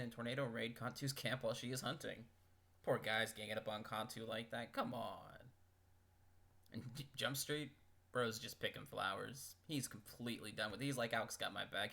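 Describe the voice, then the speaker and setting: Man, gravelly, mid-pitched, casual joking commentary, close mic. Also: fairly bright tone. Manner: wry, joking asides between read-out events. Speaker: video host reading a game simulator.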